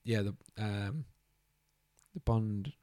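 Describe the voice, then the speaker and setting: A man's voice: on the low side, very slow, mellow, dry recording. A man chatting casually about a video game, enthusiastic and swearing freely.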